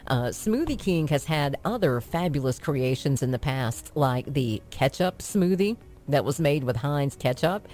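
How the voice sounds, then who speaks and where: A woman's voice: deep voice, lively intonation, measured pace, a little mellow, soft background music. A woman hosting a radio show, chatting casually and rambling in a self-amused way. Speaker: radio host.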